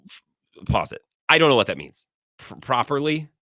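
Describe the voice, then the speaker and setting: A male sports talk host in a studio, arguing his points with a lively, swinging delivery and a bright, forceful tone. His voice sounds dry and close. He trips over words and restarts as he pushes his case. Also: medium pitch, normal speed, dry recording. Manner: argumentative, stumbles and repeats words. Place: radio studio.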